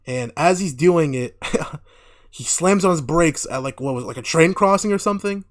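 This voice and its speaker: Recapping a show on his podcast, a male host talks casually and profanely, laughing often as he tells the story with animation. His voice sits fairly high and moves at a moderate pace.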